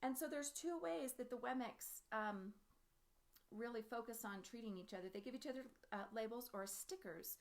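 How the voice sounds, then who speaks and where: A woman's voice: fairly high pitch, normal speed. A woman and mother telling a children's story in a vlog, speaking in an earnest, heartfelt way. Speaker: parent vlogger.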